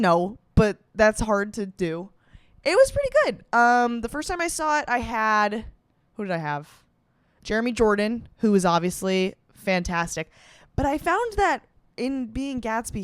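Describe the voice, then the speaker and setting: A woman's voice: medium pitch, clear, resonant tone, no echo. A young woman hosting a comedy podcast, rambling in a chatty, sarcastic way and swearing freely. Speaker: podcast host. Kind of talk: casual comedic monologue.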